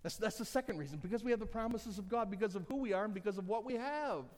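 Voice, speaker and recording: A man preaching a sermon as pastor, with humor, moving between soft conversational asides and loud emphatic passages. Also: sits high, fast. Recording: long church hall reverb.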